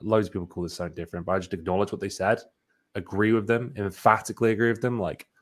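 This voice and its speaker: A man's voice: lowish voice, steady tone, racing. A man, a sales expert, chatting casually in an interview, talking animatedly with many restarts.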